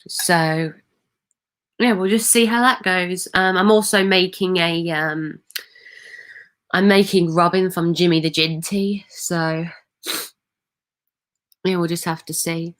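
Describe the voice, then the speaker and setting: Hesitant woman, low voice. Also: fairly even intonation, slow, long pauses. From Manchester, England. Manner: hesitant, many ums and restarts. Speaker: livestream host. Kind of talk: casual livestream chat, reading viewer comments.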